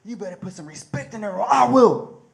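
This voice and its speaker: A man's voice: sits high, lively intonation, a little fast, creaky. A man voicing an angry, threatening little doorman in a stand-up bit. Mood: indignant.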